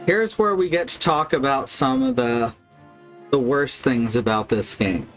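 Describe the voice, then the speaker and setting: A male game streamer giving casual, wry live commentary. He speaks slowly at a middling pitch. Faint game music plays behind him.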